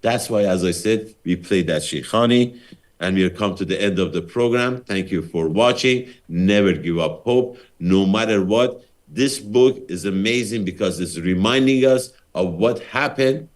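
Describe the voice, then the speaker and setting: A man's voice: lowish voice, normal speed. A man hosting a TV program, talking straight to the viewers in a preachy way, posing rhetorical questions with emphatic rises. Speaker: TV program host. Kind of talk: talking to camera, commentary.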